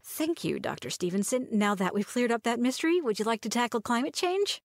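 A woman reader voicing a playful, quick-witted young woman who teases her lover. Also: a little high, animated, no room sound, studio quality, voice pushed up.

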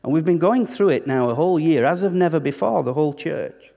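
Pastor preaching in a reverberant hall. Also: male voice, on the high side, animated, a little fast, gravelly, dark tone. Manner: emphatic preaching with rhetorical questions and repeated words. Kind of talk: sermon. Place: church hall. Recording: long church-hall reverb.

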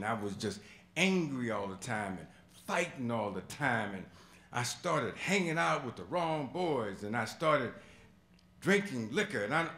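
A man telling a personal story on stage, animated, moving from hushed passages to loud exclamations. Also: medium pitch. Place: museum auditorium before a live audience. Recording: echoey hall.

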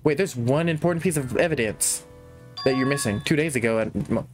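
Gaming host, male, reads the game's dialogue aloud at an average pitch and drops in his own asides, with faint game music behind him. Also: animated, fairly quick. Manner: reads character lines aloud, breaking off to comment and laugh.

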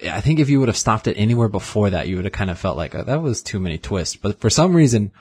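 Low-voiced husky man, casual podcast chat. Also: lively intonation, fast, darkish tone, dry recording. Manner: retells scenes with quoted lines, chatty. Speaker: podcast host. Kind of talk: casual movie discussion podcast.

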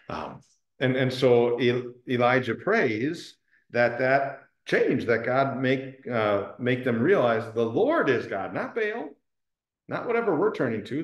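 A man of middling pitch teaches an adult Bible study class in a conversational way, throwing questions at the group and pausing on frequent ums. He is recorded in a church classroom with a roomy, echoing sound.

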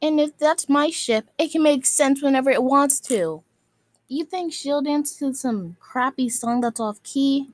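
A woman with a high voice rants straight to camera, scolding and hurling insults. She keeps looping back to the same stock phrases. The sound is dry, with no room around it. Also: unhurried, no room sound. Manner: scolding, insulting, repeats itself. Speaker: video maker. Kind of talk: angry rant to camera.

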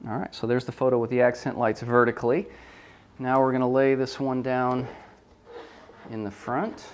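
A man's voice: mid-range voice, moderate pace. A man giving a hands-on product photography tutorial, talking through each step casually and correcting himself as he goes. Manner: relaxed, thinking aloud with frequent ums and self-corrections.

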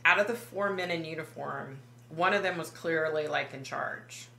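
Low-voiced woman, halting emotional vlog retelling. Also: vocal fry, pushed and bright, reverberant. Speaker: psychic medium vlogger. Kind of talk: personal vlog storytelling.

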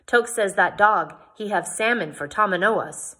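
A woman's voice: mid-range voice, measured pace, sharp tone, husky. Woman doing a cheerful interpreter man in broken English. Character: friendly native man, eager interpreter.

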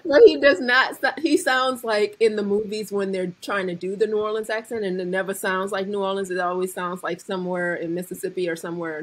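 Husky, playful woman podcast co-host. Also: mid-range voice, fairly even intonation, fairly quick, hardly any pauses, fairly bright tone, low-quality recording. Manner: playful, laughing, repeats words. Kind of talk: casual podcast chat.

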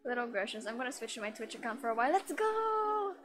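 A young woman chatting with her stream audience while she plays a game, giggly and casual, her voice sitting on the high side. Game music plays clearly underneath her talk. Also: level tone, very fast. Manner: giggly, chatty, talks to chat. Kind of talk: live-streamed gameplay commentary.

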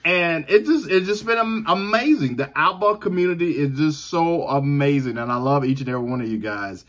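Speaking a little high and briskly, this reaction host from the American South has a Southern accent. He addresses his audience directly in a casual, enthusiastic way, often laughing and saying things twice.

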